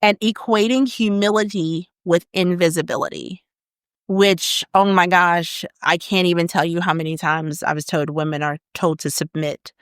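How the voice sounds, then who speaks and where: A woman co-hosting a podcast in casual chat, leading the talk through topics with lively, animated delivery and quick murmurs of agreement. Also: on the low side, smooth, no echo, studio quality. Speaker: podcast co-host.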